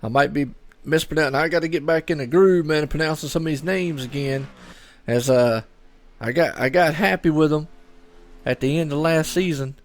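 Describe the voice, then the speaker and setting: A man's voice: on the high side, moderate pace, dry recording. A middle-aged man, doing solo live commentary on a sim race and chatting loosely with viewers. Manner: chatty, rambling, talks to chat viewers.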